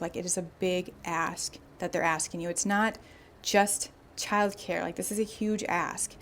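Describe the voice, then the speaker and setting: Animated woman podcast host retelling a story. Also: mid-range voice, slight background noise. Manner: animated, acts out quoted voices. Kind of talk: casual storytelling commentary.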